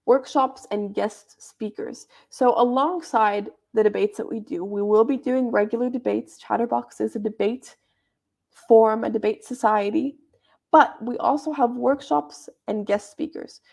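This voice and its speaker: A woman's voice: a little high, fairly even intonation, a little slow, vocal fry, a little mellow. A young woman leading a debate club workshop, explaining in a chatty, informal teaching manner. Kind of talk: explaining debate judging criteria.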